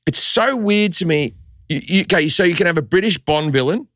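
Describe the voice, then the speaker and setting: Australian comic guest, storytelling, dry close mic, casual and profane. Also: male voice, on the high side, lively intonation, a bit bright, no room sound. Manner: loose, swearing, does quick voices in anecdotes. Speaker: comedian guest.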